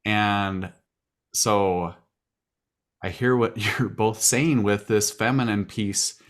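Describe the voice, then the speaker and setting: A man speaking in a halting, reflective way in a podcast conversation. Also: fairly low pitch, fairly even intonation.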